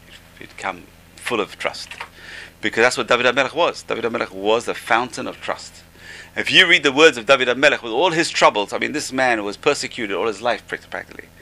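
A man's voice: mid-range voice, brisk, pushed and bright, rough recording. A man teaching an informal religious class, enthusiastic and repeating how amazing things are. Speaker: Torah teacher.

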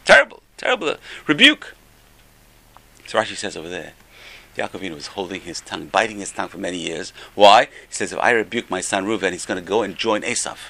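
Older man, informal Torah class, bright forceful tone, lowish voice, conversational. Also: quick pace, creaky. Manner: conversational, repeats key phrases, swings loud for emphasis. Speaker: Torah teacher.

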